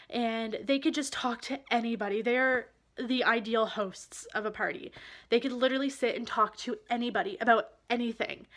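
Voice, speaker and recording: A woman vlogger telling a personal story in a candid, halting and emotional way. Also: a little high, fairly bright tone.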